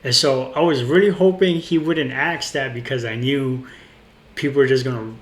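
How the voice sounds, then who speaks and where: A man's voice: mid-range voice, normal speed. Man, casual rambling storytelling, indignant tone, roomy echo, faint background hum. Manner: rambling, indignant, with frequent restarts and fillers. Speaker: vlogger.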